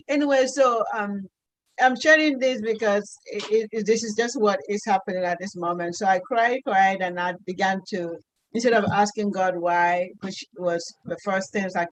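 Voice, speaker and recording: A middle-aged woman, a mother, telling a heartfelt personal story in an earnest, halting way, often restarting her sentences. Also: mid-range voice, steady tone, poor audio. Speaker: mother sharing a testimony.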